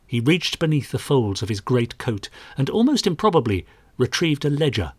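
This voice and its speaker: A man narrating a short story in a measured, dramatic storytelling manner. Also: mid-range voice, big pitch swings, husky, no room sound. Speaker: audiobook narrator. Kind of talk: scripted narration.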